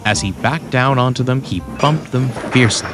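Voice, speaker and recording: A man narrating a children's storybook in a scripted, expressive way. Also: mid-range voice, normal speed. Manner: expressive, voices every character. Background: music.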